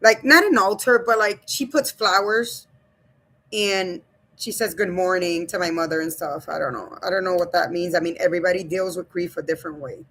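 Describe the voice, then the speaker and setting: A woman's voice: on the low side, normal speed, a bit bright. A woman hosting a casual livestream, reading viewer comments aloud and talking straight to her chat in a blunt, loose way, swearing and laughing as she goes. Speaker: livestream host.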